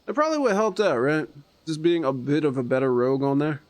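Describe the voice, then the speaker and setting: A man streaming a game, chatting casually and flipping between low mutters and gleeful outbursts. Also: expressive, fast talker. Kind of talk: casual gameplay commentary.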